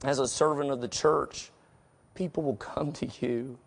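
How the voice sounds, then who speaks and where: A middle-aged man preaching a sermon, swinging from soft, slow passages to emphatic exhortation, and reading scripture aloud deliberately. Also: medium pitch, fairly even intonation, vocal fry, breathy edge. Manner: reads scripture aloud slowly.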